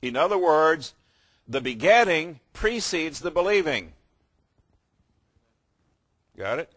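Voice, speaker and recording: A man's voice: fairly high pitch, big pitch swings, slow pace, a bit bright. An older man preaching a teaching sermon, patiently explaining verb tenses and checking that listeners follow. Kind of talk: sermon teaching on Greek grammar.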